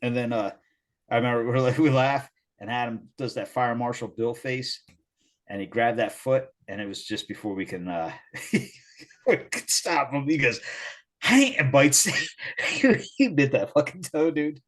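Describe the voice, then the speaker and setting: A man's voice: medium pitch, normal speed, a bit bright. A man co-hosting a podcast, telling a crude story in casual chat, laughing often and acting out the quotes. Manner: laughing, profane, acts out quotes. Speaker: podcast co-host.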